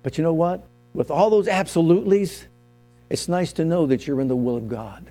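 A pastor preaching a sermon in a mellow, fairly high voice, a man who tells his own story and keeps asking his listeners questions. Faint instrumental music sits behind him. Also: normal speed.

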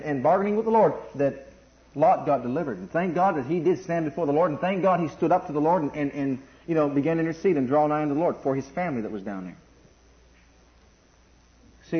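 High-voiced male preacher, lo-fi. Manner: animated, acts out voices in a bargaining tone. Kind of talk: sermon. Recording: dull lo-fi sound.

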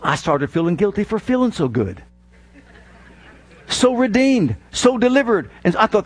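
High-voiced preaching pastor. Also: male voice, normal speed, pauses often. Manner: animated preaching with mocking asides. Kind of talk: sermon. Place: church.

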